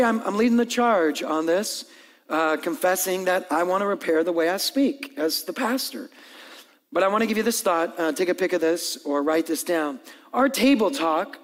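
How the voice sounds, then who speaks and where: Pastor, male, lively sermon delivery with playful asides, higher voice, big echoing church. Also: normal speed. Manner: animated, acts out dialogue and jokes with the congregation. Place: church hall with long reverb.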